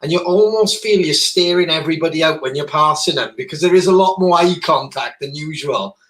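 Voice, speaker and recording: A man's voice: a little high, brisk, a bit bright. A man co-hosting, musing aloud and rambling a bit in casual podcast banter on a video call. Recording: echoey room.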